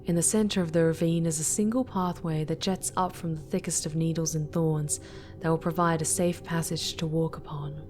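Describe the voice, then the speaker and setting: Soft low-voiced woman horror narrator. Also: steady tone. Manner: soft, slow and deliberate. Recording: music playing behind. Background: music.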